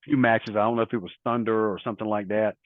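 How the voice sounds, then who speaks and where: A man's voice: lowish voice, fairly even intonation, quick pace, no room sound. Man telling stories over a tinny line. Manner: rambling anecdotal storytelling with quoted dialogue. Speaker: interview guest, former wrestler. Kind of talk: casual storytelling interview. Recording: tinny phone-like line, dry.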